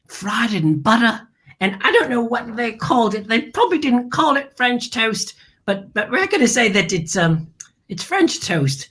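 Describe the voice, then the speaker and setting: A woman's voice: a little high, fairly bright tone, slightly rough. A woman hosting a family-friendly show in a flamboyant, theatrical manner, stretching her words and calling the viewer "darling".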